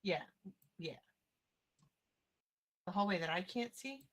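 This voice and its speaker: A woman's voice: fairly low pitch, lively intonation, slow pace. A woman playing a tabletop game, chatty and a little flustered. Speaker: player. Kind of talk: casual game talk.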